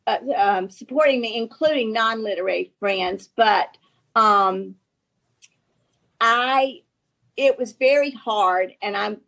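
Southern woman, guest author, slightly high voice, rambling and chatty storyteller, video call. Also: slow pace, creaky, a bit bright. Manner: chatty, rambling storyteller with many restarts and laughs. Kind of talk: casual conversation on a show.

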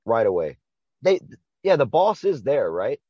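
A man's voice: mid-range voice, big pitch swings, a little slow, warm tone, highs cut off. A man co-hosting a podcast, chatting casually and enthusiastically about a horror movie, swearing and laughing often. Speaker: podcast co-host.

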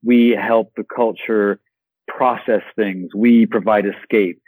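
A man being interviewed as an actor guest on a podcast, talking in an enthusiastic, animated way and often repeating words. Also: fairly low pitch, slow, breathy edge, dry recording, rough recording.

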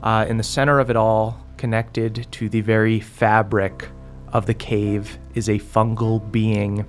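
A man narrating a tabletop game as game master, halting with frequent ums. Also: on the low side, flat delivery, faint music behind. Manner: halting, full of ums and uhs.

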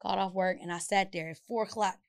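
A young woman co-hosting a podcast, telling a personal story in casual chat, animated and profane, with sudden shouted outbursts. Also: medium pitch, fast talker, vocal fry, smooth. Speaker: podcast co-host.

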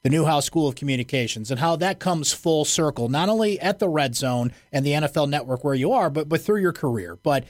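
A man's voice: on the high side, animated, a little fast, hardly any pauses, no echo, studio quality. A man hosting an interview, enthusiastic and eager with his questions. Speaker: podcast host. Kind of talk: casual interview chat.

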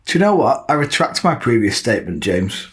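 A man's voice: mid-range voice, sing-song, brisk, fairly bright tone. A man co-hosting a casual football podcast, joking and laughing as he talks. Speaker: podcast co-host.

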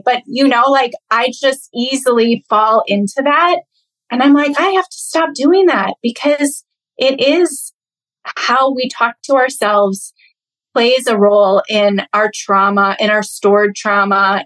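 A woman's voice: fairly high pitch, fairly bright tone, low-quality recording. A woman in her thirties, a health coach speaking as a podcast guest in an earnest, reflective way. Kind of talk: casual interview chat.

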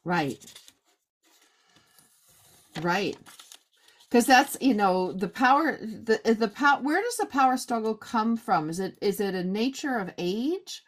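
A woman's voice: fairly high pitch, lively intonation, slow, long pauses. A middle-aged woman hosting a casual chat, asking questions in a rambling, conversational way. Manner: chatty, rambling with fillers and restarts, asks questions. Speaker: host.

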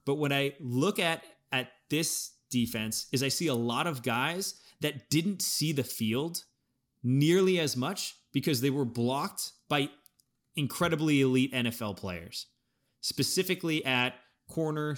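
A man co-hosting a sports podcast, thinking aloud in an animated way with frequent restarts as he breaks down his team's football season. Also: medium pitch, unhurried. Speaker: podcast co-host. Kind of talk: casual sports podcast analysis.

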